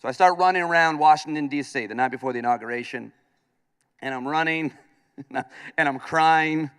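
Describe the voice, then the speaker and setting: On the high side and at normal speed, his voice is clear and resonant. An upstate New York radio host, he gives a humorous address in a big conference hall, acting out his own dialogue in lively stories while long hall reverb lingers.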